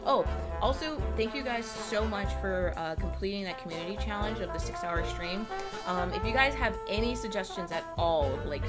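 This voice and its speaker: A woman streaming a game to her live chat, gushing and excitable, rambling with many fillers and swearing when she gets hyped. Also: lowish voice. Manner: rambling, with many likes and ums. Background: jazzy game music.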